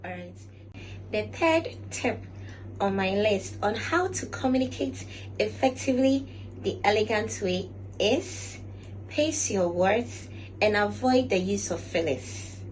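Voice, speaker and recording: A woman's voice: medium pitch, expressive, a little hiss or hum, low-quality recording. Woman. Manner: measured and instructive, often recaps with "all right". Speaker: lifestyle vlogger. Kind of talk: casual advice talk to camera.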